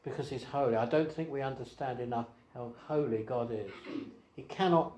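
A man preaches in a roomy, echoing hall at a middle pitch. He asks his listeners one rhetorical question after another. He drops to quiet asides and then rises to firm emphasis. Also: normal speed. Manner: rhetorical questions, swings between soft asides and raised emphasis. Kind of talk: evangelistic sermon. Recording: echoey hall.

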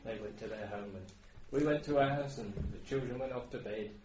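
A middle-aged man preaching a sermon, moving between quiet personal storytelling and loud, fervent exhortation. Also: mid-range voice, normal speed. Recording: echoey room, heard from a distance, background noise.

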